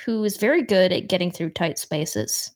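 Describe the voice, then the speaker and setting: A woman's voice: fairly low pitch, animated, moderate pace, a little mellow. A woman playing a tabletop game, giggly and playful. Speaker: player. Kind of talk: casual tabletop play.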